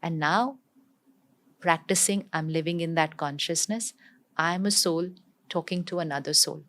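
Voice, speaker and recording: A woman, explaining spiritual ideas in an interview in a calm, teacherly way, often repeating herself for emphasis. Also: low voice, unhurried.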